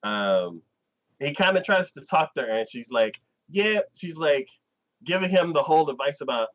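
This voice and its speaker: A man co-hosting a casual anime talk stream, retelling scenes with lively enthusiasm. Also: fairly high pitch, moderate pace, highs cut off. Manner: animated storyteller who acts out scenes. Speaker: co-host.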